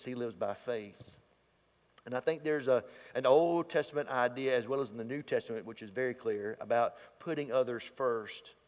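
A man preaching a sermon in a folksy, plain-spoken way, reading scripture aloud. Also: mid-range voice. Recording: dull sound, long hall reverb.

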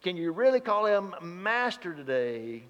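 Man preaching, storytelling, higher voice, long hall reverb, dull lo-fi sound. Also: sing-song, a little slow. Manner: storytelling, swings from loud to hushed. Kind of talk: sermon.

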